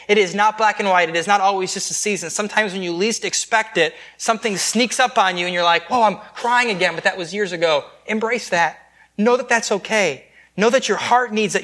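A man preaching a sermon in a conversational way, with quick restarts and joking asides. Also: high-pitched, pushed and bright. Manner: conversational, with repeated restarts and self-deprecating asides. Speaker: pastor.

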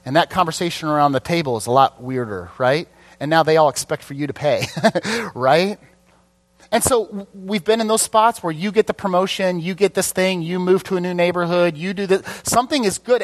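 A middle-aged man preaching a conversational sermon, chatty and casual, often asking the congregation questions. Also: sits high. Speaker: pastor.

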